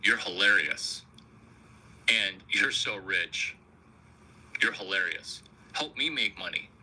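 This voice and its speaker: A wheedling young relative, put on by a man, begs for money with flattery. The pleading comes slowly, with a tense, pushy edge. It stays close to the speaker's everyday voice. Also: low voice, slightly rough, voice pushed down, exaggerated voice, poor audio.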